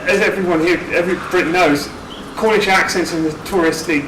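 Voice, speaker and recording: Man, from South West England, fairly high voice, hesitant, distant, roomy noisy hall. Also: fairly even intonation, brisk. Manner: hesitant, restarts, thoughtful. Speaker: panelist. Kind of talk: casual panel chat. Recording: roomy hall from far off with noise.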